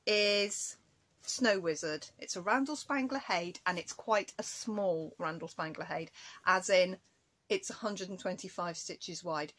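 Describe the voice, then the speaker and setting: A woman's voice: fairly low pitch, unhurried, fairly bright tone. A woman chatting casually to camera in a cross-stitch vlog, rambling and breaking off to scold her cat.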